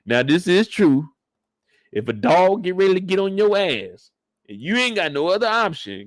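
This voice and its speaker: Animated, profane male show recapper. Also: sits high, moderate pace, no echo, studio quality. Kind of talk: casual episode breakdown.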